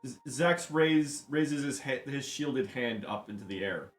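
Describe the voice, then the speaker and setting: A man's voice: mid-range voice, expressive, a little slow, faint music behind. A man playing a tabletop game, eagerly describing his character's actions and stumbling over his words. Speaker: player. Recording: roomy echo.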